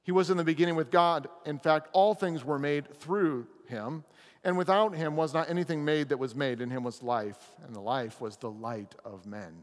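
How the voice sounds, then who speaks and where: A man preaching a chapel sermon as a pastor, telling a story with lively acted-out lines. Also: fairly high pitch, moderate pace, in a large hall. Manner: animated storyteller, acts out characters' lines. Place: chapel or meeting hall.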